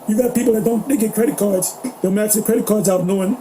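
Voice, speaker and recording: Rambling co-host with a real dark mellow voice, swears a lot, loses the word, bit of hiss. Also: medium pitch, quick pace, poor audio. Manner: rambling, profane, fumbles for words. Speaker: podcast co-host. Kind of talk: casual political talk.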